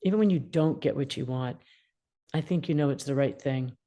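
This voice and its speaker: A woman in her sixties with a low voice gives parenting advice as a mediator. She talks in an animated way and acts out the feelings she describes. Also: normal speed. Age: 60s. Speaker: attorney mediator and parenting guest.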